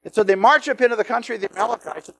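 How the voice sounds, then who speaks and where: A man teaching a Bible study, telling the stories in a lively way, acting out the quotes and adding joking asides. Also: very high voice, very fast, gravelly, breathy edge. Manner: animated storytelling with acted-out quotes and joking asides.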